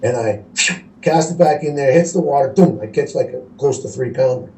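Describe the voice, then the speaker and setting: A man from Canada, a guest telling fishing stories in a casual, animated way and laughing as he goes. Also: mid-range voice, a little fast. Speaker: guest angler. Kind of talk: casual storytelling. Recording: echoey room, voice from a distance, faint hiss.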